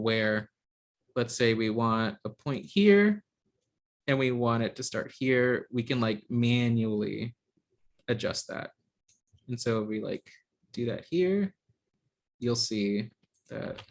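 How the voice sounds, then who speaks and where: A man teaching an online software class over a video call, talking in a hesitant way with many ums and restarts. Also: medium pitch. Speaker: instructor.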